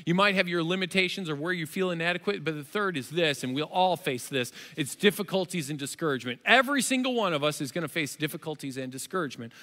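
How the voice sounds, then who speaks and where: A man preaching a sermon as pastor, telling the story with lively, animated delivery and acting out its characters. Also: fairly high pitch, quick pace, few pauses, big-room sound. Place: church auditorium.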